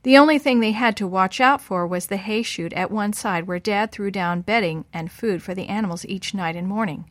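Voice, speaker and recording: A woman's voice: mid-range voice, normal speed, hardly any pauses, no room sound. Woman reading a children's story. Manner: lively voices for the boys' lines. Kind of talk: scripted storybook narration.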